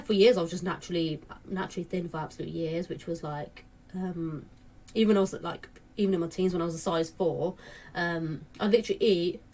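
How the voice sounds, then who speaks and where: A woman's voice: lowish voice, darkish tone. A woman in her late twenties chatting casually to camera, rambling with lots of fillers and restarts. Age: late 20s. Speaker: vlogger.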